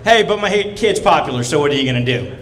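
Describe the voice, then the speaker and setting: This brash stand-up comic tells stories onstage at a comedy club and is quick to impersonate other people. His voice is a little high and fairly bright with lively intonation, captured in a rough, reverberant recording.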